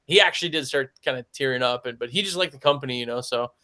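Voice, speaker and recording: A man's voice: medium pitch, quick pace, pushed and bright. A man who runs a window cleaning business, chatting casually on a podcast and telling stories with lots of "like". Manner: chatty storyteller, heavy use of "like".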